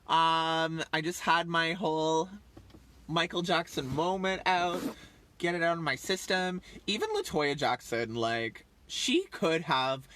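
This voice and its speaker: A man in his thirties chatting on a livestream in a loose, rambling way, drifting between thoughts with plenty of fillers. His voice sits a bit high and sounds bright and forceful. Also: a little hiss or hum. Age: 30s. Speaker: livestream host. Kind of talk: casual rambling livestream chat.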